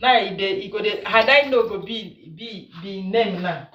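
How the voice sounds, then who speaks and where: Her voice is medium-pitched and fairly bright, moving at a normal speed as she cooks at home. This social media commentator with a Nigerian accent teases, laughs often and chats casually, captured in a roomy, distant recording with faint noise.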